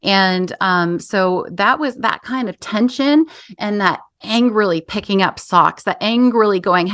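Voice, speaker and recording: A woman's voice: medium pitch, unhurried, a bit bright, dry recording, clean studio sound. A woman in her thirties hosting an interview, telling a personal story in an earnest, conversational way. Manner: earnest storytelling, acts out quoted voices. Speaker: podcast host.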